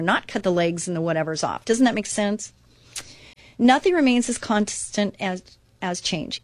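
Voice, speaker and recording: A woman's voice: medium pitch, no room sound. A middle-aged woman hosting her own faith-based radio show, chatting earnestly and reading scripture aloud with emphasis. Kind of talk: devotional talk radio monologue.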